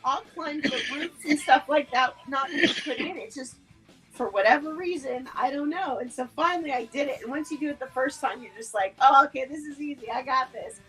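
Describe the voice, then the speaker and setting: A woman with a husky voice, co-hosting a casual podcast and telling stories with swearing and laughter. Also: high voice, brisk, a bit bright, poor audio. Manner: laughing, profane storyteller. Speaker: podcast co-host. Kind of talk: casual chat.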